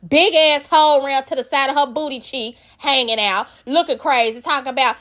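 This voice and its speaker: A woman's voice: sits high, fairly quick, few pauses, fairly bright tone. A woman recapping a reality show, blunt, profane and opinionated. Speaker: recap vlogger.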